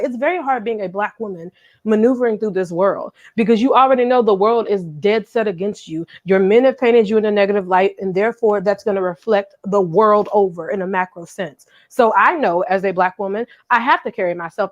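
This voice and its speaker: A woman's voice: on the high side, dull audio. Earnest woman telling a story. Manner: earnest, reflective, acts out quotes. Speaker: panel guest. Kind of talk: personal storytelling in casual chat.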